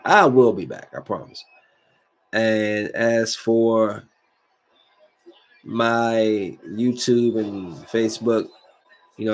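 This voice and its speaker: A man hosting his own podcast, ranting casually with many fillers and repeated phrases. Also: on the low side. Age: adult with kids. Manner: animated, repeats himself, lots of "like" fillers. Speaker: podcast host. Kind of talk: solo casual podcast rant.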